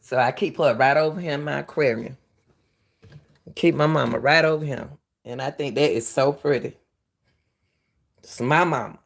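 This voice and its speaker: A woman's voice: extremely low pitch, normal speed, vocal fry, long pauses. A middle-aged woman, a retired track coach, hosting live commentary. She speaks with a harsh coaching edge, impassioned and repeating herself to her viewers.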